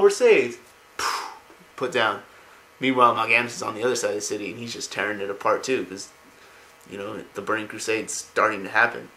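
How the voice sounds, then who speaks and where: A man's voice: fairly low pitch, bright, forceful tone, slight background noise, rough recording. A man casually retelling video game lore, rambling with many fillers.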